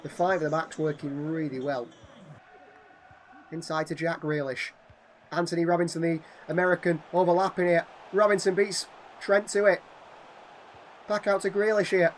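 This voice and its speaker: A hoarse man commenting on a football video game as a channel host, switching from calm play-by-play to excited shouting at goals. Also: on the high side, moderate pace, slight background noise.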